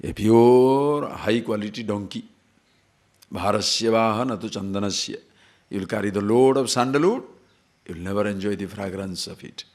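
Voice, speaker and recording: A man's voice: lowish voice, normal speed, darkish tone. A man giving a scripture lecture as a spiritual teacher, asking rhetorical questions and repeating words for emphasis.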